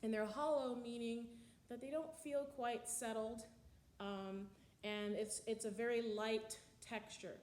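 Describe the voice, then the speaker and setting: A woman's voice: on the high side, fairly even intonation, a little slow, a little mellow, roomy sound. A woman teaching music history in a slide lecture, explaining with frequent ums and counting out the beats.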